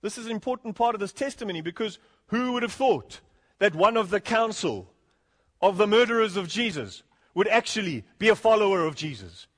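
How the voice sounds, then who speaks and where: A man's voice: high-pitched, big pitch swings, a little fast, breathy edge. A man preaching an earnest expository sermon, often rising to emphatic points and chuckling between them. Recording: long hall reverb.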